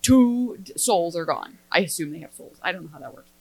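A woman co-hosting a podcast in casual chat, sarcastic and expressive. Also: lowish voice, a little fast, slightly rough, rough recording. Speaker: podcast co-host.

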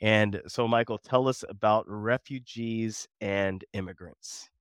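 A man's voice: lowish voice, slow, clean tone, no room sound, studio quality. A man co-hosting a Bible lesson discussion, talking in an earnest, emphatic, preacherly way. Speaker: co-host of a Bible study show.

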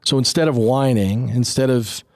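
A man's voice: mid-range voice, normal speed, dry recording, clean studio sound. A man in his fifties giving casual, earnest parenting advice, acting out family dialogue as he goes. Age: 50s.

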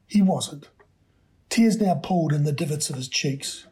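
A man, a podcast host, reading a short story aloud in a measured, expressive way. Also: a little high, husky.

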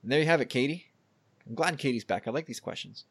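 A man hosting a podcast in casual chat, animated and quick, often restarting his sentences. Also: mid-range voice, husky. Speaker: podcast host.

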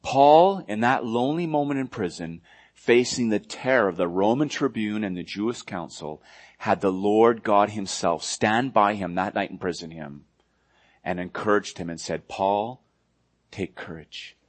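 A male pastor preaching a sermon earnestly, moving between loud emphasis and hushed, quiet passages. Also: fairly low pitch, normal speed.

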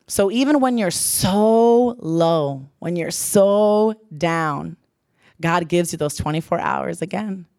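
A woman's voice: on the low side, a little mellow, no echo, studio quality. Earnest young woman preaching. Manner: earnest, repeats phrases for emphasis. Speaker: church speaker. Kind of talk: sermon.

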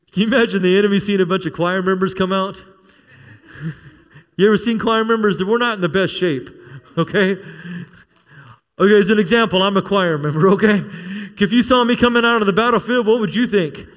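A man's voice: high-pitched, fairly quick, in a large hall. A middle-aged male pastor preaching a sermon, telling stories with humor and asking the church for amens. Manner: storytelling with humor, calls for amen.

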